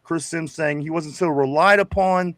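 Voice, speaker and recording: A man's voice: a little high, normal speed, a bit bright, no room sound. A man co-hosting a casual sports podcast, reading viewer comments and talking loosely, with swearing and laughs. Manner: loose and profane, laughing, addresses co-host often.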